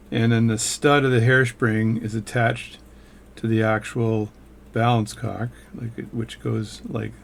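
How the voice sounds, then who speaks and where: A man with a gravelly, fry-laden voice talks through a repair at his workshop bench. His pitch is middling and his manner is casual and rambling, with hands-on explanations and self-mocking asides. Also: slight background noise. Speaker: watchmaker and channel host.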